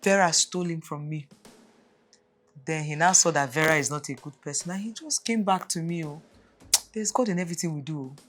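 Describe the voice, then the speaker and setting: A coaxing young Nigerian daughter. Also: female voice, sits low, brisk, fairly bright tone, soft background music. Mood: pleading. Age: young adult. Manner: coaxing, defensive. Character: scheming young Nigerian woman, pleading daughter. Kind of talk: film drama acting.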